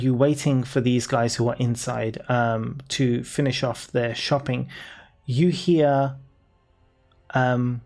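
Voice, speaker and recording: A man narrating as dungeon master in a casual tabletop game, laughing often and pausing with fillers. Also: medium pitch. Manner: laid-back, laughing, lots of fillers. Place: home, live stream.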